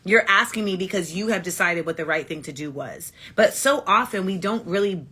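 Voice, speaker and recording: Blunt, bright-voiced woman ranting on a livestream. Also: lowish voice, a little fast, slightly rough. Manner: blunt and emphatic, repeats points. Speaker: livestream host. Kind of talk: casual livestream monologue. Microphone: phone.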